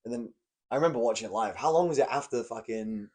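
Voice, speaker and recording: A man's voice: mid-range voice, fast talker, a little mellow. A man hosting a casual podcast chat in a hotel room, prompting his guest with eager questions. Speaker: podcast host, wrestler.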